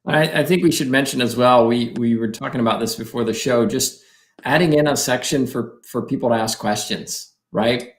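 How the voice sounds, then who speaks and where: A man's voice: mid-range voice, moderate pace. A man co-hosting a talk show, speaking hesitantly and often repeating his first words. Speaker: co-host. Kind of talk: casual talk show chat. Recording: roomy echo.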